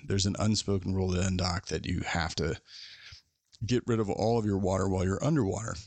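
A man's voice: deep voice, steady tone, fairly quick, darkish tone, dry recording. A man hosting a podcast, telling a story in a casual, rambling, self-mocking way with lots of fillers. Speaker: podcast host.

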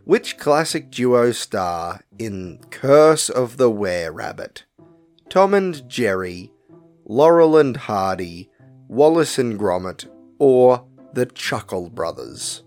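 A man hosting a casual podcast quiz, reading each question and its options slowly and deliberately. His pitch swings a lot as he talks, and he drifts into friendly asides between questions. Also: sing-song, a little mellow, faint music behind. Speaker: podcast co-host and quizmaster.

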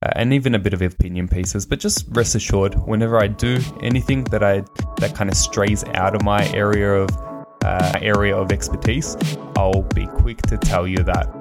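A man's voice: fairly low pitch, steady tone, normal speed, over loud music. A man hosting his own podcast in a casual, candid monologue with frequent fillers. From Australia. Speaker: podcast host.

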